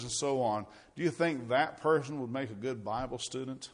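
A man preaching a sermon, reading scripture loudly and dropping low for asides and rhetorical questions. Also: normal speed, hardly any pauses.

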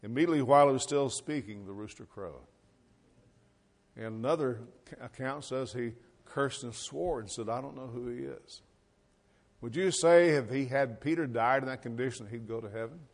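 A man's voice: mid-range voice, normal speed. A middle-aged man preaching a sermon, reading scripture and explaining it in a folksy, conversational way with rhetorical questions. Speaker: pastor.

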